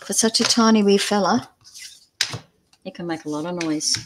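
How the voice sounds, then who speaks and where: A woman's voice: mid-range voice, normal speed. Older woman, Australian accent, live craft stream, chatty, thinks aloud, mid-range voice, faint background hiss. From Scotland. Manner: chatty, muses aloud over measurements, laughs easily. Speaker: craft channel host. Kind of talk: casual live-stream chat while crafting. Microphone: camera at a crafting table.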